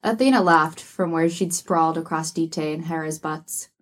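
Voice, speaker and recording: A woman reading a work of fiction aloud with wry, even storytelling. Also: deep voice, normal speed. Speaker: narrator. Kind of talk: audiobook narration of fiction.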